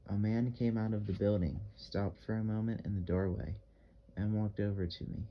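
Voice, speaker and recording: Low-voiced male audiobook narrator. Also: lo-fi sound, slight background noise. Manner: measured, even storytelling. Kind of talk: first-person audiobook narration.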